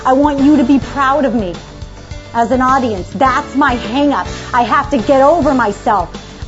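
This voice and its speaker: Woman motivational speaker, high-pitched and emphatic, urging her audience on; dull, muffled recording. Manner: emphatic, exhorting, repeats short commands. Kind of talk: motivational talk to a live audience.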